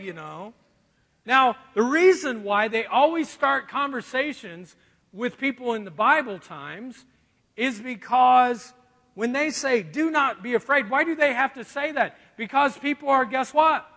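A man preaching a sermon in an animated, joking way, acting out quotes as he goes. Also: extremely high pitch. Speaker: pastor. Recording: long reverb of a large hall.

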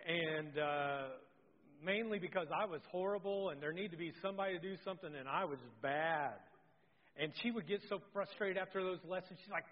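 Pastor, male, middle-aged, lively self-deprecating storyteller; high voice, muffled in a reverberant hall. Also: fairly quick. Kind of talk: sermon. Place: church sanctuary. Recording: dull sound with long hall reverb.

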